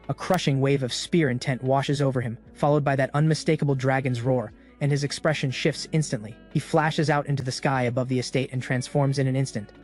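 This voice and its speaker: A man narrating a story recap in a dramatic, scripted style. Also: mid-range voice.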